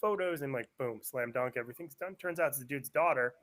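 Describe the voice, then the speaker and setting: A man, a comedian guest, telling animated stories in casual chat. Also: medium pitch, fairly quick. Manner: animated storyteller, acts out quoted voices.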